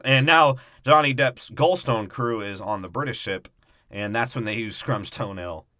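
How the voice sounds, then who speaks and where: Bright, dry-voiced young man recapping a film. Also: medium pitch, normal speed, no echo. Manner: profane, jokey, slips into silly character voices. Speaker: podcast co-host. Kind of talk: casual crude movie recap.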